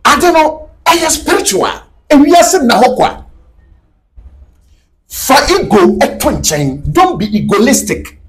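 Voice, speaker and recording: A man's voice: very high voice, big pitch swings, takes it slowly. A man with a Ghanaian accent, speaking as an interview guest in an emphatic, preachy way and mixing Twi and English. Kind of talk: animated interview talk.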